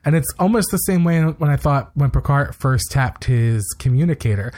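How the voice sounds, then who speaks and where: A man's voice: medium pitch, lively intonation, normal speed, darkish tone. A man co-hosting a podcast, casually recapping a TV episode and retelling scenes with quoted lines and plenty of fillers. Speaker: podcast co-host.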